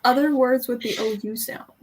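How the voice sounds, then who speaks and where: On a casual reading livestream, a young booktube co-host banters playfully while testing her own pronunciation out loud. She speaks at normal speed in a slightly high voice with fairly even intonation, and the recording is very noisy.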